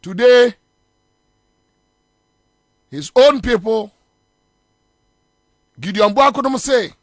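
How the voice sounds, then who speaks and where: A man's voice: very high-pitched, expressive, very slow, no room sound, studio quality. A Ghanaian man hosting a morning radio show, delivering combative political commentary and hammering his points with repetition. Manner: combative, scornful, repeats phrases for emphasis.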